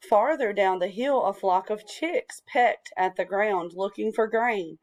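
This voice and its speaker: Woman reading a storybook slowly. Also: mid-range voice, darkish tone. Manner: slow, deliberate reading. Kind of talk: reading a picture book aloud.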